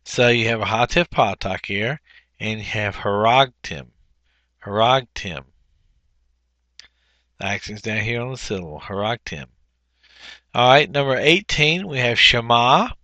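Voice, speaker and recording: A man with a bright, clear voice walks through workbook exercises one by one, pausing on fillers and correcting himself as he goes. He is recorded close up on a dry mic with no room sound. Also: medium pitch, no room sound, lo-fi sound. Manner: unhurried, explanatory, frequent fillers and self-corrections. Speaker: teacher. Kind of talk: workbook walkthrough lesson.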